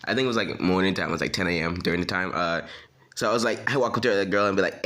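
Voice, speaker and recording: Late-teen guy with a low voice, casual, chuckling storyteller. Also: rapid-fire, a bit bright. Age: late teens. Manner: laughs through his lines, loose and self-mocking. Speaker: vlogger. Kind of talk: jokey storytime monologue.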